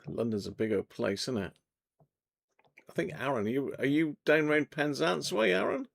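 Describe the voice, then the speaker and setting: Bloke on a livestream, bit of fry in his voice, chatty and jokey. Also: mid-range voice, moderate pace. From Devon, England. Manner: chatty, jokey, reads out viewer comments. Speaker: livestream host. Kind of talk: casual live chat. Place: home radio workshop.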